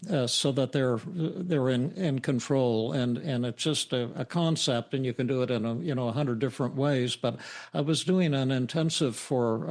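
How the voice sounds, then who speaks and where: A man hosting a webinar, telling a story in a halting way with many stammered repeats and fillers. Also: medium pitch, darkish tone. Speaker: psychiatrist and podcast host.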